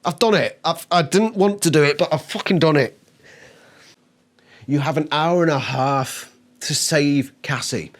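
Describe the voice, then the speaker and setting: Speaking at a measured pace in a slightly high voice, a man rants through an on-camera book review. He swears constantly, sounds exasperated, and mocks the characters by performing their lines.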